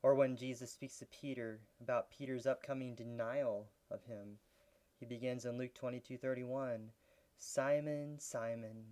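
A man delivers a sermon in an earnest, teaching way. His voice sits at a middle pitch and gathers intensity as his points build. Light laughs slip into his explanations. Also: flat delivery, normal speed, warm tone. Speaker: pastor.

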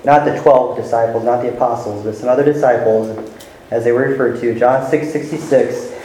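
A man's voice: mid-range voice, fairly even intonation, fairly quick, dark tone, a little hiss or hum. A man preaching a sermon, teaching verse by verse and stressing key words with rising emphasis. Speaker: pastor. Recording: very echoey room with faint ambience.

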